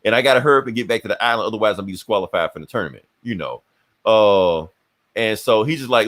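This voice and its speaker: A man's voice: fairly low pitch, quick pace, fairly bright tone. A man hosting a podcast, casually retelling a comic book story and acting out the characters' lines. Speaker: podcast host.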